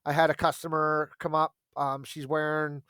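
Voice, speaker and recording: A man, a woodworking business owner, chatting in an interview and telling an animated story that acts out a customer's words. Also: fairly high pitch, normal speed, smooth, dry recording.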